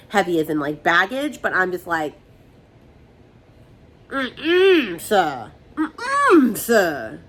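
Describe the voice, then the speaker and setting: An animated woman with a twang chats through a casual reading vlog. She rants about books and slips into quick voices for the characters she quotes. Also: medium pitch. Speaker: book vlogger.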